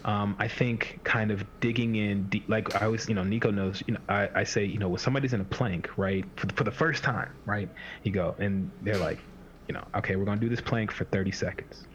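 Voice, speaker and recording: A man's voice: lowish voice, fairly quick. A man talking as a fitness coach in a casual podcast chat, rambling and acting out the inner voices of his clients. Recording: dull lo-fi sound with faint hiss.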